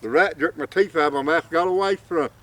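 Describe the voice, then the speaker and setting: A man's voice: fairly high pitch, fast, a bit bright, natural voice. A man voicing an old, toothless male tomcat in a folk tale, drawling complaints. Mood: complaining. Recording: distant mic, faint outdoor noise.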